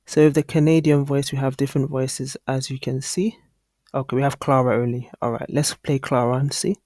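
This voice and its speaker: A man walking through a screen-recorded software tutorial as an online course instructor, thinking aloud casually with frequent ums and restarts. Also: medium pitch, steady tone, brisk, dry recording, clean studio sound.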